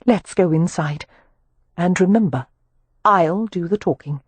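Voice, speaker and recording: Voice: mid-range voice, unhurried, slightly rough, no echo. An audiobook narrator voicing a determined young woman who speaks with dry, commanding wit. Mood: wry. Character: young lady, bold and determined.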